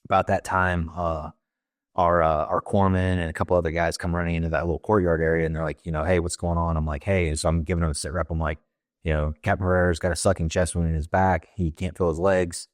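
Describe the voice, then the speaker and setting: Very deep-voiced former Marine telling a story. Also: male voice, flat delivery, no room sound, clean studio sound. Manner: plain, halting retelling with many fillers and quoted dialogue. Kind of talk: casual storytelling in conversation.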